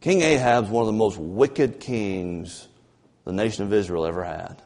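A man preaching a fervent sermon as pastor, swinging between loud emphasis and low, drawn-out passages. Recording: long church reverb.

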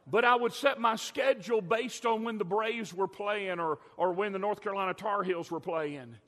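An older man preaching a sermon as a pastor, emphatic, drawing out key words slowly. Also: sits high, fairly bright tone. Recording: long hall reverb.

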